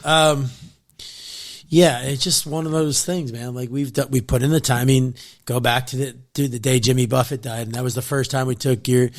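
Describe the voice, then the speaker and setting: A man from New Jersey, a podcast guest, telling fishing stories in a casual, animated way, laughing often and trailing off mid-sentence. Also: mid-range voice, normal speed.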